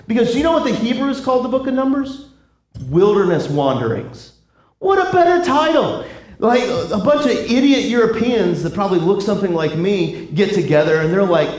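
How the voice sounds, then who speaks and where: A man's voice: sits high, normal speed, roomy sound. A young man preaching a casual, joking sermon as pastor, acting out quotes. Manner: animated, joking, acts out quotes. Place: church sanctuary.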